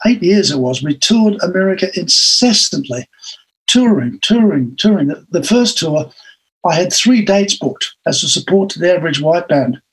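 Older Aussie male interview guest, husky and slightly high, an animated storyteller. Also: moderate pace, low-quality recording. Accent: Australian. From Australia. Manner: animated anecdotal storytelling with acted-out quotes.

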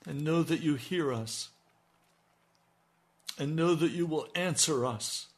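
Male pastor, middle-aged, broadcast sermon, earnest pleading delivery, slow unhurried pace. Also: fairly high pitch. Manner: earnest, pleading prayer that rises in intensity. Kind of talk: radio sermon and prayer.

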